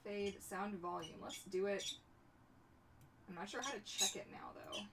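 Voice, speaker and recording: A woman's voice: medium pitch, moderate pace. Chatty young woman livestreaming from afar. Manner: chatty and animated, talks to her pets. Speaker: livestream host. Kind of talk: casual livestream chat. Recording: distant mic with background noise.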